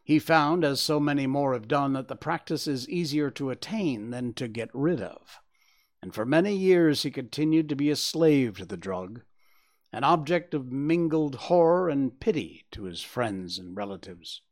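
A man reads a classic detective story for an audiobook in a measured, sombre, expressive way, letting his voice drop low at the end of each phrase.

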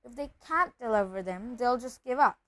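A gruff, bossy uncle who blusters and barks orders, voiced by a woman reading aloud. He is middle-aged and bad-tempered. It sounds close and dry, with no room around it. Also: a little high, lively intonation, normal speed, a bit bright, no echo. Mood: dismissive.

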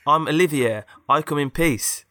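A man's voice: fairly high pitch, moderate pace, pushed and bright, no echo, voice pushed up. A man voicing a polite, earnest male robot in a raised voice.

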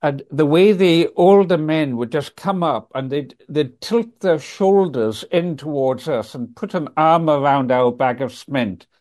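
A man's voice: fairly high pitch, unhurried, few pauses, a little mellow. An older man, telling stories as an interview guest over a video call from his office, thoughtful and full of ums and restarts. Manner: reflective, frequent ums and restarts. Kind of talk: storytelling in a conversational interview.

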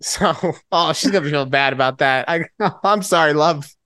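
A middle-aged man co-hosting a podcast in casual chat, loud and teasing, prone to sudden high-pitched outbursts. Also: moderate pace, smooth, dry recording. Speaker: podcast co-host.

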